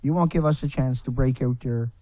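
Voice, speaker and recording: A man delivering a furious, profanity-laden rant to camera, breaking into shouts. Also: medium pitch, brisk, no echo, low-quality recording. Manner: furious, swearing, shouting in bursts.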